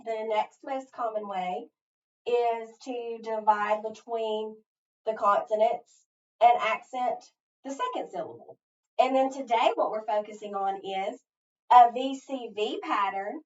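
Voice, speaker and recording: A woman teacher giving a phonics lesson, thinking aloud step by step and pausing so listeners can finish her sentences. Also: on the high side. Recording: echoey, distant, dull sound.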